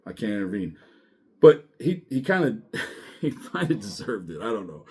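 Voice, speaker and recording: A man's voice: medium pitch, very animated, moderate pace, darkish tone, husky. A man, a former deputy, telling a blunt, profane story casually to camera and quoting others as he goes. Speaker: former sheriff's deputy and diver.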